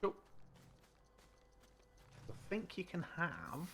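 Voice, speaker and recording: A British man chats loosely and mutters to himself while he plays a game on a live stream. His voice sits at a middling pitch with a gravelly edge, and a steady hiss of background noise runs beneath it. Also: normal speed, long pauses. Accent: British English. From Britain. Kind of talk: casual live-stream commentary.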